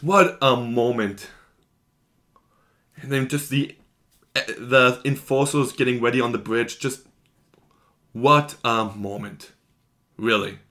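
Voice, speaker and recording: A man's voice: fairly high pitch, fairly bright tone. A man giving an enthusiastic, gushing episode recap as a video reviewer, talking in long run-on strings.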